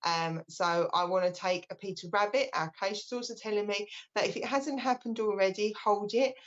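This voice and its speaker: British woman, medium, reassuring, restarts mid-sentence, middle pitch, slightly muffled lo-fi sound. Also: moderate pace. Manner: gentle and reassuring, relays messages with frequent restarts. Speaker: medium giving readings. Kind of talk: live psychic reading.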